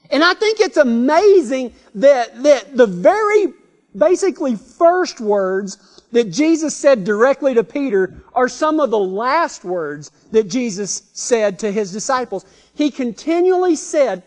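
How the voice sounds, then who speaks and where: High-voiced folksy preacher. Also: male voice, a little slow. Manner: folksy storytelling, animated. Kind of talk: sermon. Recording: long reverb.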